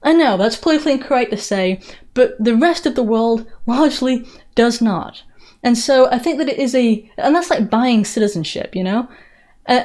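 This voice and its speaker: A woman's voice: fairly high pitch, a little mellow. A woman from England with a blended English and American Southern accent, doing live-stream political commentary with a sarcastic, mocking manner and frequent restarts. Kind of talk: live-stream commentary answering viewer questions.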